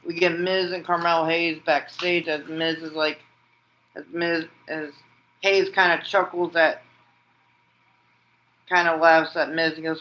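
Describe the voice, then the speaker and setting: A man hosting a wrestling vlog, narrating an imagined match like play-by-play and shouting out the pin counts. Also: a little high, level tone, measured pace, pauses often, lo-fi sound. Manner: breaks into loud shouted pin counts and move calls; rambling, restarts sentences with "and then". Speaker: wrestling vlogger host. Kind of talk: excited fantasy-booking play-by-play.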